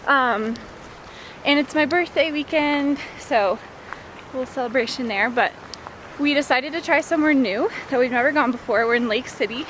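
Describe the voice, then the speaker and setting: A woman's voice: sits high, moderate pace, a bit bright, poor audio. A woman in her late twenties chatting casually for her vlog outdoors at a forest campsite, rambling and giggly as she talks. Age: late 20s. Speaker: vlogger. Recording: outdoor recording with clear background noise.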